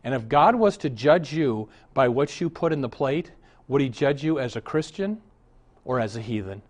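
A man's voice: medium pitch, normal speed. Male pastor preaching, story-driven and earnest, mid-range voice. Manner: animated storytelling, mixes humor with exhortation. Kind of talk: sermon.

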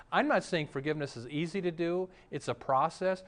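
A man's voice: fairly high pitch, a little fast, fairly bright tone. A middle-aged male pastor preaching a sermon, telling stories and briefly acting out the voices of the people in them. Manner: storytelling preacher, acts out quoted voices.

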